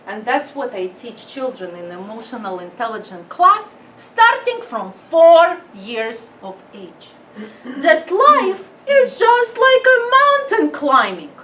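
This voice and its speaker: A woman giving an animated parenting lecture, emphatic and theatrical in how she talks. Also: on the high side, takes it slowly. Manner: emphatic, theatrical, acts out quotes. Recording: distant mic with faint noise.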